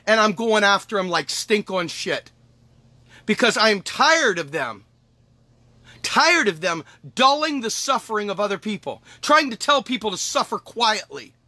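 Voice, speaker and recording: A man's voice: high voice, sing-song, a little slow, pushed and bright, dry recording. A man delivering an angry, emphatic political monologue as host, swearing and repeating lines for effect. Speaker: podcast host.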